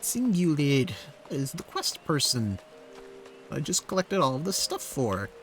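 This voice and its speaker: A man's voice: on the high side, big pitch swings, measured pace, faint music behind. A man streaming a video game, making wry, joking asides between reading dialogue. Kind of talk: casual gaming commentary.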